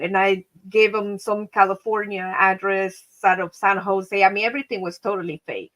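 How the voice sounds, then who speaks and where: A woman hosting a casual live stream from home, chatting to her viewers as friends and telling a story with animated energy. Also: mid-range voice, moderate pace, hardly any pauses, poor audio. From Mexico.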